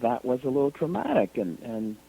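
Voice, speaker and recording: A man guest on a radio interview, telling a story in an animated, lively way over the phone. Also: mid-range voice, a little fast, creaky, breathy edge. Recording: tinny phone line.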